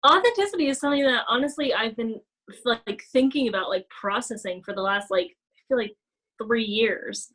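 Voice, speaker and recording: A woman with a fairly high voice chatting casually as a co-host. She talks animatedly, fills her sentences with "like," and acts out gasping, breathless apologies. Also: expressive, normal speed, fairly bright tone, rough recording. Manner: frequent "like" fillers. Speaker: podcast co-host. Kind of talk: casual chat.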